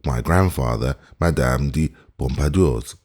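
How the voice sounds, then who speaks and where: A man's voice: extremely low pitch, unhurried, darkish tone. A man doing a fawning, chatty wig maker. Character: fussy old-regime male wig maker, proud and gossipy.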